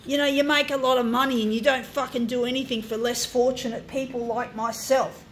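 An Australian artist in her fifties speaks to camera while designing a graphic, her voice on the high side and her pace measured with frequent pauses. She rambles, often stumbling, correcting herself and swearing, on a rough recording with a little hiss or hum.

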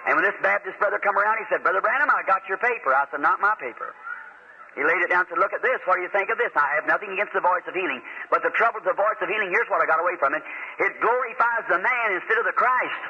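A man's voice: high voice, fast talker, highs cut off, a little hiss or hum. A man preaching a sermon at a church meeting in an earnest, folksy way that rises to emphatic fervor, on an old tape recording. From United States.

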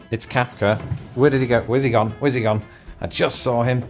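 A man's voice: mid-range voice, normal speed, soft background music. A British man hosting a comedic vlog from his home, with a playful, dry delivery and asides to his dog. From Britain. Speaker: YouTube host.

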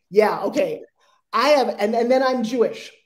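A woman in her fifties with a Long Island accent, a guest telling personal stories in an interview and acting out the people in them. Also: a little high. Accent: Long Island New York. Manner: animated, acts out voices in her stories. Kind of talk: storytelling in an interview.

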